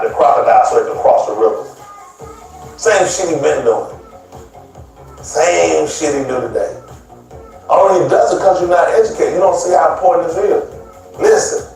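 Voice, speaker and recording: A man with a somewhat high, darkish voice preaches a sermon, emphatic and repetitive, addressing his listeners directly. The recording is very echoey, picked up by a distant mic, with faint music underneath.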